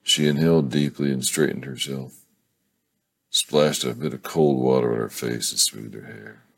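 A man reading a romance novel aloud, unhurried, with small slips and restarts. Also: a bass voice, steady tone, creaky, husky, dry recording. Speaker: book reader.

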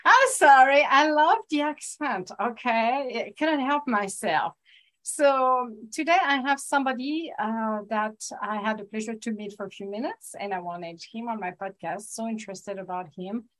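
An excitable woman hosts a podcast in a casual chat. She sounds bubbly and eager, and she laughs often. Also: a little high, normal speed. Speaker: podcast host.

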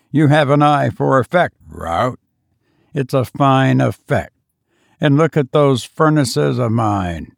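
Male narrator doing a brooding ironmaster: slow, gravelly, grimly gloating. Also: mid-range voice, no echo, clean studio sound. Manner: loquacious, showing off with grim relish. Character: brooding, menacing male ironworks master.

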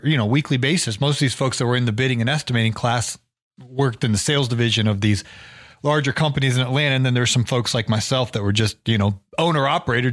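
A man hosting a podcast, telling a story casually with many fillers and restarts, his voice a little worn. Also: medium pitch. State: losing his voice. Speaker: podcast host.

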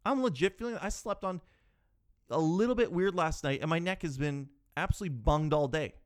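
Thirty years old and hosting his own podcast alone, this man has a fairly high voice and speaks at a normal speed. Recorded on a podcast mic, he rambles, pokes fun at himself, and becomes increasingly exasperated.

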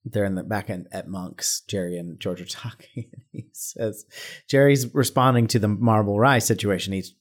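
A relaxed male podcast co-host talking casually at a middle pitch. He chuckles often and fills his talk with loose, conversational phrasing. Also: normal speed. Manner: relaxed, chuckling, uses "like" and "you know". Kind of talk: casual chat.

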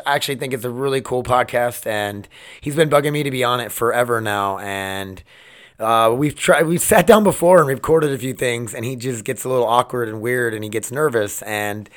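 A man's voice: mid-range voice, fairly bright tone, clear, resonant tone. Rambling man hosting a home podcast. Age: 30s. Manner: rambling, loose and swearing. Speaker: podcast host. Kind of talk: casual podcast chat. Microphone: desk mic.

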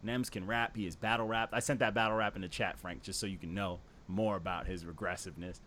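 A young man co-hosting a casual music review podcast, animated and slangy, swearing and repeating himself. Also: lowish voice, fast talker. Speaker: podcast co-host.

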